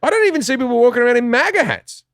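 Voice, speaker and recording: A man's voice: extremely high pitch, sing-song, racing, a bit bright, no echo, studio quality. An Australian man guesting on a podcast, talking in a blunt, profane, rambling way with lots of restarts. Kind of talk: casual chat.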